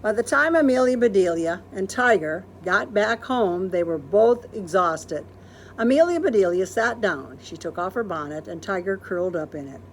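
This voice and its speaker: A woman librarian reading a children's storybook aloud in a gentle, expressive storytelling manner. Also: medium pitch, a little hiss or hum.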